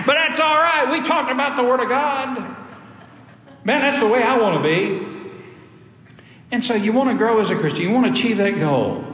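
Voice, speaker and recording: In a church sanctuary, a pastor with a high, slightly bright voice preaches to his congregation. He's emphatic and keeps repeating key phrases, and the hall sounds echoey.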